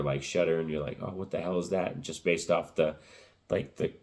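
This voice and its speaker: A man giving a casual spoken movie review, rambling with lots of fillers, his voice cracking and rough. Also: very deep voice, darkish tone.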